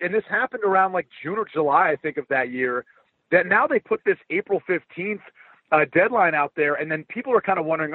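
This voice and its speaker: A man analyzing football over a phone call, speaking in a relaxed, conversational way with filler ums. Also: high-pitched, brisk, slightly rough, no room sound. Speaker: guest analyst. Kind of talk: casual sports analysis. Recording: tinny phone line.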